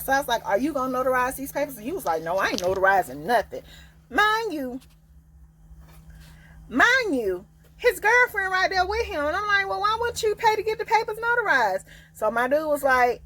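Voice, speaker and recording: A young woman telling a casual storytime, loud and sassy, acting out each quote. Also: breathy edge, rough recording. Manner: animated, acts out quotes with big pitch jumps; loud, sassy, Southern Black vernacular. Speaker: storyteller vlogger.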